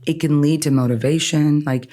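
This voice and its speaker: An earnest woman lawyer, born in Iran, talks through her experiences as a podcast guest. She speaks in an animated, conversational way and keeps checking in with "right?" after her points. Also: deep voice, moderate pace. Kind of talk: conversational interview.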